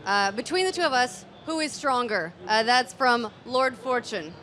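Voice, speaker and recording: A woman co-hosting a live convention stream, playful and quick to laugh. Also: a little high, animated, a bit bright. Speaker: co-host. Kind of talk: casual live event chat.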